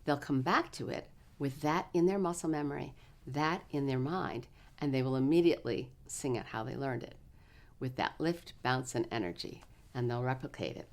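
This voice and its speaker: Low-voiced woman explaining choral teaching. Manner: clear, measured teacherly explanation; energetic rehearsal coaching with choir. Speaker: choral clinician. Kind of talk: recorded choral workshop lesson.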